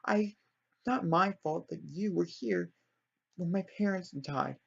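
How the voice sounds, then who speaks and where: A man's voice: high-pitched, slow pace, gravelly, slightly rough, heavily acted. A man voicing an orphan girl who angrily accuses her cruel aunt, on a dull lo-fi recording. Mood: indignant. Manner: indignant, accusing.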